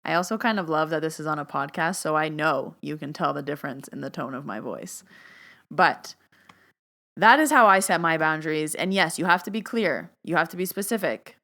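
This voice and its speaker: A woman hosting a podcast as a spiritual medium, chatty and emphatic, turning loud and stern when she stresses a point. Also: deep voice, expressive, normal speed. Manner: emphatic, stern and loud when quoting her own boundary commands; chatty, with "like" fillers and playful asides. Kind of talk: casual solo podcast talk.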